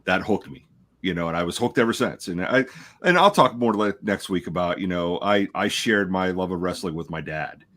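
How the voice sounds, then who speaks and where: A man in his forties from Pennsylvania, a podcast co-host who speaks in a relaxed way, trailing off with fillers. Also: sits low, normal speed. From Pennsylvania, USA. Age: 40s. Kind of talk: casual chat, reminiscing.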